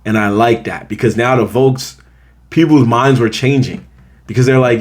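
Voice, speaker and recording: A man's voice: medium pitch, normal speed. A young man hosting a casual show review, telling scenes in slang and acting out the characters' reactions. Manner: slangy, animated storytelling with voiced reactions. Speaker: show host reviewing a series.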